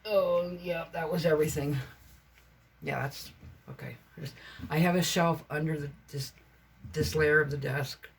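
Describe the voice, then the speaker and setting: A woman's voice: low voice, steady tone, moderate pace, pauses often, slightly rough. A woman vlogger chatting casually about her crafts, meandering and chatty with many fillers and self-corrections. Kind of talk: casual rambling vlog chat.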